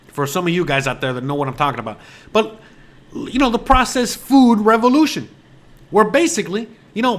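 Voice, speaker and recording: A man in his forties from the United States, ranting to camera. His voice sits high for a man. He talks in exasperated, incredulous bursts and rambles through fillers and false starts. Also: a bit bright. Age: 40s. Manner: rambling, heavy on fillers and restarts. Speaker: host. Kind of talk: casual rant to camera.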